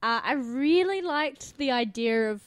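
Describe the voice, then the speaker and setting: Lady cohosting a podcast, kinda high voice, chatty, dry close mic. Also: lively intonation, unhurried, no echo. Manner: chatty, laughs often. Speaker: podcast co-host. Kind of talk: casual chat.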